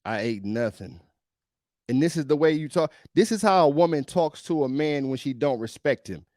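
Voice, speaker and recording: A man's voice: a little high, a little fast, a little mellow, no echo, studio quality. A male podcast host giving emphatic, preachy reaction commentary on a video, often repeating himself.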